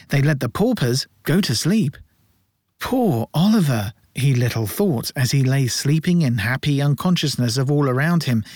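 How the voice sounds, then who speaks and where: Guy narrating an old novel, measured, bit ironic, dry close mic. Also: mid-range voice, a little mellow, no room sound. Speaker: audiobook narrator. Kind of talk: scripted narration.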